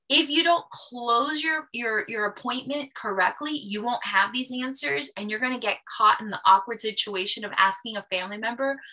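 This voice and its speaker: Woman coach running a sales class; voice a touch high and bright, upbeat delivery that acts out dialogues. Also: a little fast, hardly any pauses. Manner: energetic, acts out customer dialogues. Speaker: sales trainer. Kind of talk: class teaching sales tips.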